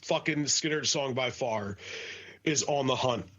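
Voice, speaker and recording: A man's voice: mid-range voice, a little slow, fairly bright tone, highs cut off. A man co-hosting a casual podcast chat, talking bluntly and profanely with enthusiasm. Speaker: podcast co-host.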